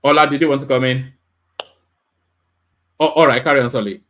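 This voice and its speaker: A man hosting a casual commentary chat, speaking in a hesitant, halting way full of restarts. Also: mid-range voice, fairly even intonation, fairly bright tone. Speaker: host.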